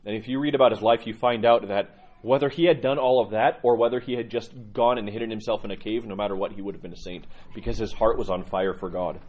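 A man's voice: mid-range voice, a little mellow, husky. A man teaching a catechism lecture, earnest and emphatic, often repeating himself for weight.

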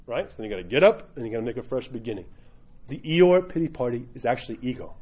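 A man's voice: medium pitch, lively intonation, fast talker, darkish tone, breathy edge, dull audio. A man speaking as a priest, giving an informal sermon in a blunt, joking, emphatic way.

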